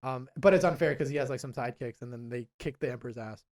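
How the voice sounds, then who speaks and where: A young man co-hosting a podcast, giving a rambling, animated recap of a movie in casual chat. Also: medium pitch, fast. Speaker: podcast co-host.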